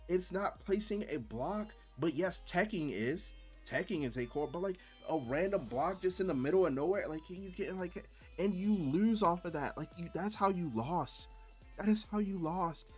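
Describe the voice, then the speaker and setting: A man's voice: sits high, moderate pace, soft background music. A man streaming and commenting on gameplay in a rambling, exasperated way, full of filler words.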